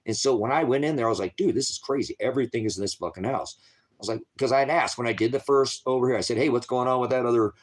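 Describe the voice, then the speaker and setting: An agitated man pours out a long personal story in a rambling monologue. He swears often and jumps from point to point. His voice sits at an ordinary middle pitch. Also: fast. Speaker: speaker telling his own story.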